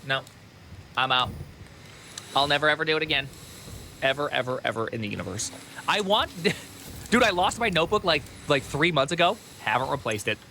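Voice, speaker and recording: A man with a bright, somewhat high voice rambles through live reaction commentary. He laughs a lot and trips over his own sentences in his excitement. A faint hiss of noise sits under him. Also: fairly quick, creaky, pauses often. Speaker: streamer reacting to a video.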